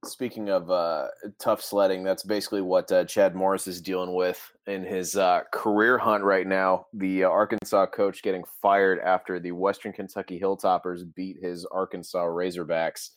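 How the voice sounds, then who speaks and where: A man with a very low voice hosts a casual football podcast. He talks in an easygoing way, with plenty of "uh"s between thoughts. The sound is dry and close, with no room echo. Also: flat delivery, normal speed, few pauses. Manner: conversational, easygoing, frequent "uh" fillers. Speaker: podcast co-host. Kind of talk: casual sports podcast chat.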